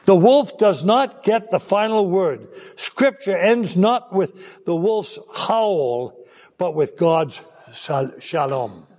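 Older guy preaching to kids, high voice that swoops all over, acts out the voices. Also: slow, long reverb tail. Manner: animated storytelling, acting out voices. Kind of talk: children's sermon.

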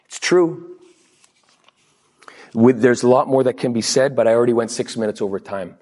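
A man preaching a lively sermon as a pastor, acting out little quoted exchanges in different voices. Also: mid-range voice, normal speed, pauses often. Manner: animated, acts out quotes in funny voices. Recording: long hall reverb.

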